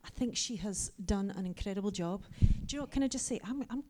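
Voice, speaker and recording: Lively woman preaching. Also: medium pitch, quick pace. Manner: animated, drops to a hushed whisper for asides. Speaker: pastor. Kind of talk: lively sermon with personal stories.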